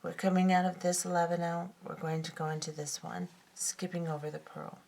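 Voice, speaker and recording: A woman with a fairly low voice and a gravelly, creaky texture walks through a craft lesson. She talks patiently and methodically, repeating each step as she goes. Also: little pitch movement, fairly quick, a little mellow. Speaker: beading tutorial host.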